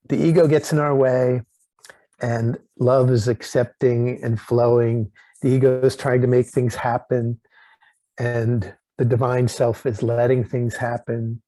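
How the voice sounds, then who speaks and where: A man hosting an interview over a video call, talking in a halting way with many restarts and fillers. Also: mid-range voice, level tone, dark tone, poor audio. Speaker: host. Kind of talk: casual interview chat.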